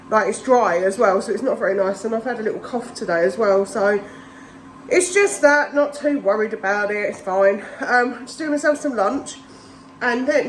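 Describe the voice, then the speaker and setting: In her home kitchen, a middle-aged Englishwoman rambles chattily through a casual vlog, slightly out of breath from a chest infection. She talks to her cats in a high sing-song. The recording is low quality with slight background noise.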